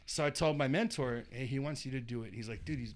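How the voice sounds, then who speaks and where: A man in a relaxed podcast chat tells a long anecdote from his tattoo shop. He slips in and out of quoted voices, jumping up in pitch for the dramatic moments, with a mid-range everyday voice. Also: quick pace. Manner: animated, acts out quoted people. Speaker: tattoo artist and shop owner, guest. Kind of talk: casual storytelling chat.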